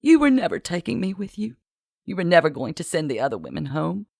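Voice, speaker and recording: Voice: mid-range voice, very animated, a little fast, gravelly, a little mellow, no echo, clean studio sound, voice pushed up. The narrator voicing a wounded, tearful young woman accusing a liar.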